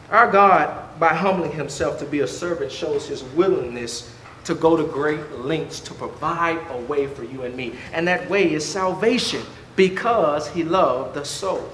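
A man preaching a fervent sermon, firing rhetorical questions and stumbling into quick restarts. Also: fairly high pitch, fairly bright tone, echoey room, a little hiss or hum.

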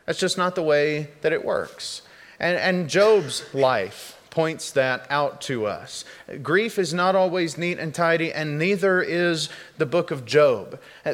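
A man's voice: fairly high pitch, a bit bright, big-room sound. A male pastor preaching a sermon in an earnest, conversational way, often repeating and restarting phrases.

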